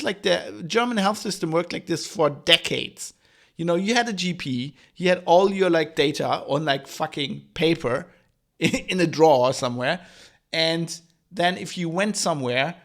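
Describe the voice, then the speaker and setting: A man's voice: fairly high pitch, gravelly, a bit bright. A young man hosting a solo podcast, ranting sarcastically and swearing freely. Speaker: podcast host.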